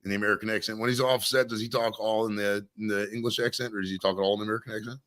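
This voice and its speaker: A man's voice: on the low side, fairly even intonation, very fast, a bit bright. A man in his forties hosting a podcast interview, rambling casually, swearing and laughing often. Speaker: podcast host.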